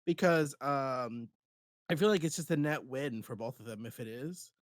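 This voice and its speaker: A man co-hosting a podcast in casual chat, joking and dropping into quick impressions. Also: medium pitch, dry recording, clean studio sound. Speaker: podcast co-host.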